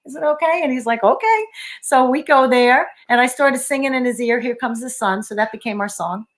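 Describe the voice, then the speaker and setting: A woman's voice: high-pitched, fairly quick. An older woman, telling stories in a casual chat and laughing often. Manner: animated storyteller, laughs often. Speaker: co-host.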